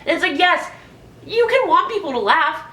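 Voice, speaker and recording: A woman's voice: extremely high pitch, sing-song, normal speed, pushed and bright, reverberant. Sarcastic woman reviewing movies. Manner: sarcastic, profane, acts out quotes in mock voices. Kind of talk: casual spoken review.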